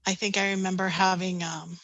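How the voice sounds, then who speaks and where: A woman in her fifties speaks on a panel with a bright, forward voice. She tells her stories in a lively, casual way, laughing often and pausing on ums. The sound is dry and close. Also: fairly low pitch, no room sound, low-quality recording. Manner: animated anecdotes, laughing often, many ums. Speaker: panelist, canoe skipper.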